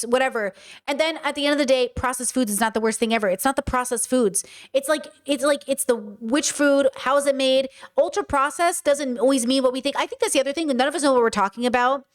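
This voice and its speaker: Brief: high-pitched woman host, loose, swearing, jokey reaction talk. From United States. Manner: animated, profane, joking. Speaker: commentator reacting to a video. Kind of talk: casual reaction commentary. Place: living in Croatia.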